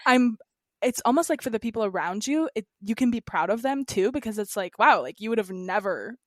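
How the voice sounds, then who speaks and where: A woman's voice: a little high, lively intonation, a little fast, dry recording, studio quality. A young adult woman, a podcast guest, talking casually in a rambling way full of "like" fillers. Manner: rambling, heavy use of "like" fillers. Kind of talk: casual interview chat.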